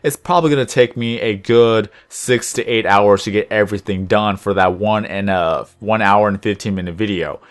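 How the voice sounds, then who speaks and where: A young man rambling through casual commentary over his gameplay video, deliberately lifting his voice above his natural low tone. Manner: rambling, chatty, self-reflective. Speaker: gaming channel host.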